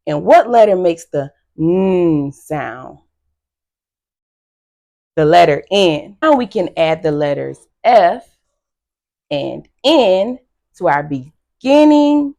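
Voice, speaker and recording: A woman teacher giving a phonics lesson to young children, slow and encouraging with frequent praise. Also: fairly low pitch, vocal fry, darkish tone.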